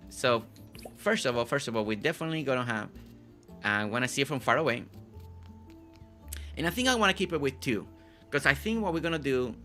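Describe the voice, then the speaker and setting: A man's voice: medium pitch, pushed and bright. A man hosting a live game stream, chatting casually with viewers, often repeating and restarting his phrases.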